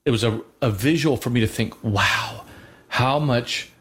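Earnest halting man teaching faith. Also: mid-range voice, fairly bright tone. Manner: earnest, halting, many fillers and restarts. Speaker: co-host of a Christian radio show. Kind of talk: conversational religious teaching.

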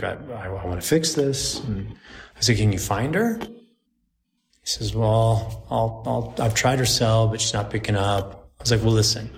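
A man in his forties, a priest, telling a story to a group in a lively way, laughing at his own anecdote. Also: lowish voice, slight background noise.

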